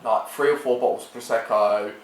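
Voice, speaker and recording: A man's voice: medium pitch, a little fast, a little hiss or hum. A young man on a podcast, telling stories and acting out the voices of others. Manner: animated, acts out voices in anecdotes. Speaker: podcast guest. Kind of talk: casual storytelling chat. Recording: echoey room.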